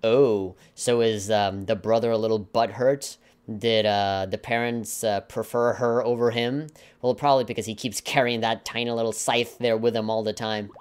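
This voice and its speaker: A man with a lowish, clear, resonant voice speaks at a moderate pace in a flat delivery. He's a let's play commentator reading a video game's story text aloud, mocking it with sarcastic, mock-dramatic remarks and chuckling asides.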